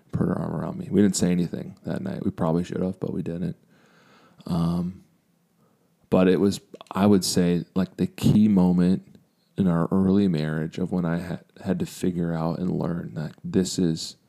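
With a deep, vocal-fried voice and little pitch movement, a young adult man recounts a personal story on a podcast at normal speed. The co-host is open and self-mocking, occasionally softening into quiet reflection.

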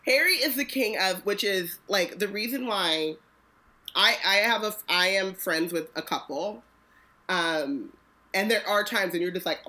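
A woman's voice: mid-range voice, lively intonation, unhurried, pushed and bright, low-quality recording. A woman co-hosting a casual book podcast, talking expressively with slangy asides and frequent laughs. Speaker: podcast co-host.

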